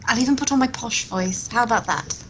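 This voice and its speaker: A woman's voice: fairly high pitch, a little fast, background noise. A woman playing a tabletop game, bantering in character in a playful, cheeky way. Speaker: player.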